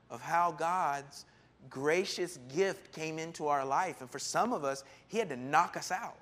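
A man preaching a sermon in an animated, emphatic way, often acting out quotes. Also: high voice. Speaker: pastor.

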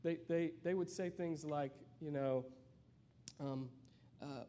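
A man giving a sermon as a guest preacher, conversational and searching, with many fillers and restarts, and reading scripture slowly. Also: a little high, warm tone, a little hiss or hum.

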